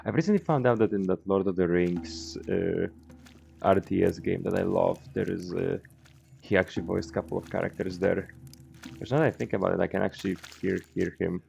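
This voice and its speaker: A man's voice: sits low, fairly quick, vocal fry, a little mellow, soft background music, low-quality recording. A man streaming a game and chatting casually, rambling, correcting himself and swearing offhand. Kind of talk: casual gameplay commentary.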